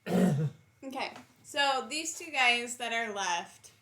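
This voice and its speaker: A woman's voice: fairly high pitch, animated, takes it slowly, fairly bright tone. A woman playing a tabletop role-playing game, talking in a hesitant way that trails off. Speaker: player. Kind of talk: tabletop role-play chat. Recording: echoey room, faint noise.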